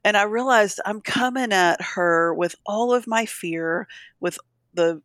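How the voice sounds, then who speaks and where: A woman's voice: medium pitch, unhurried, a bit bright, dry recording, clean studio sound. A middle-aged woman talking candidly and emotionally in a casual conversation, encouraging her listeners. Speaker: podcast co-host.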